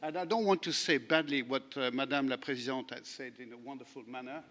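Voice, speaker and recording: A man's voice: medium pitch, fast, fairly bright tone, long reverb tail. A man from France with a French accent, a lawyer giving a self-deprecating, anecdotal conference talk. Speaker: panel speaker, lawyer. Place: large conference hall.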